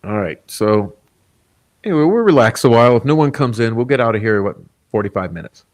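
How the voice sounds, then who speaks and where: A man's voice: mid-range voice, lively intonation, fairly quick. A man hosting a casual livestream, reading viewer comments aloud in a laid-back, rambling way, chuckling often. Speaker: livestream host.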